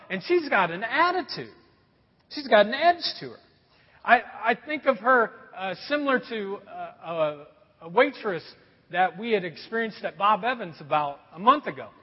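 A man's voice: high voice, big pitch swings, moderate pace, breathy edge, big-room sound, highs cut off. A man preaching a sermon, telling stories in a conversational way and asking the audience questions. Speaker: pastor.

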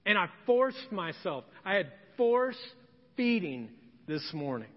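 A middle-aged man preaching a sermon as pastor, earnest and conversational, with dramatic pauses. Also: very high-pitched. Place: church sanctuary. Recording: dull, hall reverb.

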